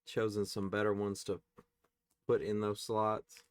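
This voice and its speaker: A man hosting a casual pack-opening video, reading card names aloud and tossing in quick offhand reactions. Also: on the low side, monotone, a little hiss or hum. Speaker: card-opening channel host.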